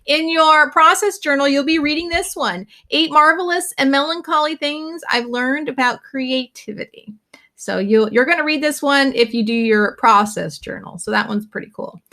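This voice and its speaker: Bright-voiced woman teaching a class. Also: high-pitched, moderate pace. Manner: chatty, laughs often, reads comics aloud. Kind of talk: classroom lecture.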